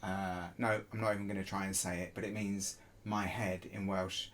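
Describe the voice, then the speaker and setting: A man's voice: low-pitched, moderate pace, a little hiss or hum. A man who works as a translator, explaining a topic in a casual teaching style and sounding words out as examples. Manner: casual, relaxed explaining with spoken pronunciation demos. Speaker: Chinese to English translator, educational presenter. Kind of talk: explanatory lesson talk.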